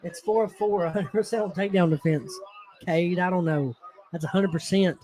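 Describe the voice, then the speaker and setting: A man's voice: sits high, brisk, darkish tone. A man hosts a casual watch-along of a fight. He laughs often and tells his stories by acting out the voices of the people in them. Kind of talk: casual chat, storytelling.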